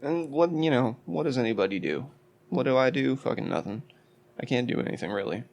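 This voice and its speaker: Gravelly man telling a story casually. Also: mid-range voice, a little fast. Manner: animated storyteller, joking. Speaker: podcast co-host.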